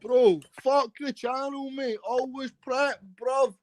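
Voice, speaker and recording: A man's voice: very high voice, steady tone, takes it slowly. A man with a Glaswegian Scottish accent, calling into a livestream and talking crudely and combatively. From Glasgow, Scotland. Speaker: caller on a livestream. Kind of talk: casual chat.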